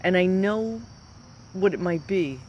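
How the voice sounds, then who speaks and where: A woman's voice: on the low side, lively intonation, slow pace, muffled recording, slight background noise. A woman in her fifties, a professional fighter, giving an emphatic, rambling motivational talk. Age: 50s. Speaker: professional mixed martial arts fighter.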